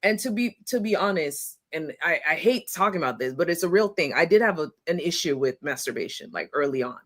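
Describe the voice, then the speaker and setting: A woman talks candidly in a casual faith-based podcast chat, with a low voice that moves a lot. She speaks quickly and expressively. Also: expressive.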